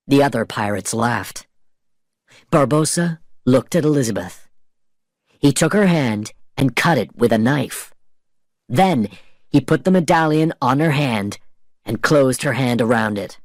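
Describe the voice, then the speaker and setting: A man reading a story aloud for English learners, slowly, clearly and expressively. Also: mid-range voice, expressive, no echo, studio quality. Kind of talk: slow scripted story narration.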